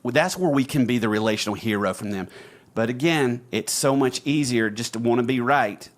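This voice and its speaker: A man's voice: medium pitch, fairly quick. A middle-aged man hosting a podcast, giving earnest advice in a casual teaching way and leaning into his key points. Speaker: podcast host.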